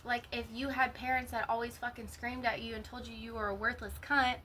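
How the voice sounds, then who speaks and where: A woman's voice: a little high, level tone, a little fast, sharp tone, a little hiss or hum, rough recording. A woman telling her own story in a candid, emotional monologue, swearing freely. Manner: raw, profane, emotional storytelling. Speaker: vlogger sharing a personal story.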